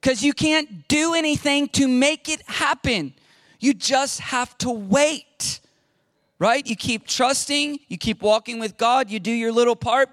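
A middle-aged male pastor telling a story in a conversational, animated sermon, often repeating his words. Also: extremely high pitch, measured pace, no echo.

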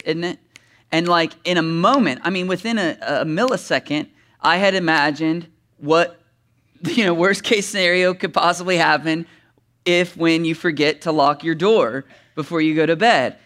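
Bright-voiced animated preacher. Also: male voice, on the high side. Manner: animated, reads scripture dramatically, then chats with humor. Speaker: pastor. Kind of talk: sermon.

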